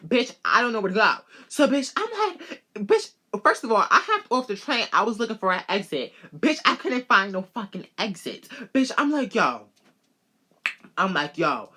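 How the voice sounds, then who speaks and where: A woman vlogger telling a personal story in casual, animated talk, swearing freely and calling her listeners girl. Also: fairly high pitch, normal speed. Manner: animated, profane, addresses listeners as girl and bitch.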